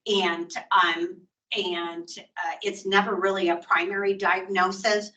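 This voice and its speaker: A woman's voice: mid-range voice, level tone, slow, pushed and bright, recorded from a distance, poor audio. An older woman teaching a continuing-education nursing lecture in a conversational way, acting out short patient quotes as she explains.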